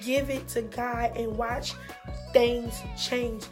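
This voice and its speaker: A woman's voice: a little high, little pitch movement, slow, faint music behind. A young woman telling a heartfelt storytime vlog in an earnest, encouraging way, repeating phrases for emphasis. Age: young adult. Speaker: vlogger.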